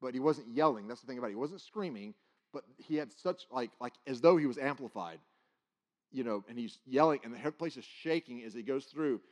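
A man preaching, telling a personal testimony in an animated, excited storytelling way. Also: mid-range voice, fairly quick. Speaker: guest preacher.

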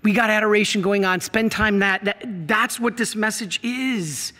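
A man's voice: high voice, moderate pace, pushed and bright, in a large hall. A middle-aged man preaching a sermon to a congregation, emphatic and asking them questions. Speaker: priest. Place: church.

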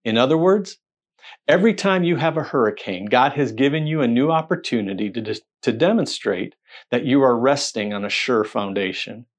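Brief: male preacher, mid-pitched voice, lively sermon delivery full of rhetorical questions. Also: moderate pace. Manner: animated storytelling with rhetorical questions and quoted voices.

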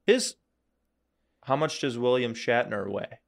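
This young podcast host chats casually and jokes, acting out imagined conversations. His medium-pitched voice is expressive and unhurried, with some vocal fry.

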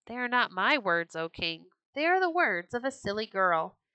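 A woman's voice: mid-range voice, very animated, normal speed, sharp tone, smooth, dry recording. Woman reading as a grave old Viking counselor. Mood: solemn. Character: grave older Viking counselor, cautious and steady.

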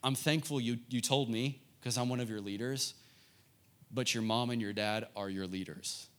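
A man voicing a kind but firm male youth leader, speaking softly and earnestly in a low tone. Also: moderate pace, lightly acted. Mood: gentle firm.

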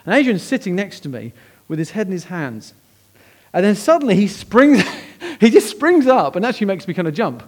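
A man, a pastor preaching a sermon as lively, conversational personal storytelling. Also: sits high, brisk.

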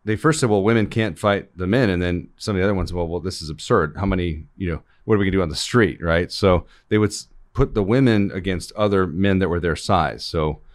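A man's voice: low-pitched, fairly quick, few pauses. A middle-aged man co-hosting a casual talk, making blunt arguments and telling personal stories. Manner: argumentative, tells personal anecdotes. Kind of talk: casual conversation.

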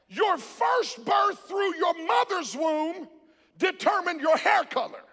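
A male pastor preaching a sermon, shouting in a rhythmic call-and-response style, in a large church hall. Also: extremely high pitch, vocal fry. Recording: long hall reverb.

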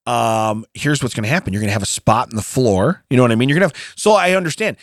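Podcast co-host, man, lively rant with acted-out quotes, dry close mic. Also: medium pitch, quick pace, dry recording. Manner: animated ranting, acts out quotes. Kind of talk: casual chat. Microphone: studio mic.

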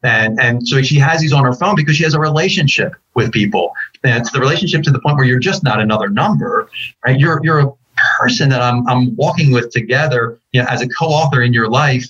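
A man's voice: medium pitch, brisk, a bit bright, husky, dull audio. A man speaking as a physician on a panel, emphatic, with frequent "right?" tags and restarts. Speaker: physician leader. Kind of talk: panel discussion.

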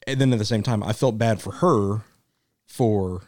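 A man's voice: fairly low pitch, normal speed, darkish tone, no echo, clean studio sound. A man co-hosting a podcast, telling a rambling story with frequent laughs and casual swearing. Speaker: podcast co-host. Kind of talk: casual chat.

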